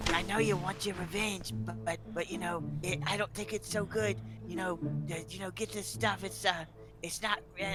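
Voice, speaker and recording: A jittery male rogue stammers and rambles in a hushed whisper, as a man puts him on. The voice sits a little above his plain talk. Loud music plays underneath the whole time. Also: high voice, pitched above the performer's own voice, close to an everyday voice. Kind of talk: improvised in-character tabletop role-play.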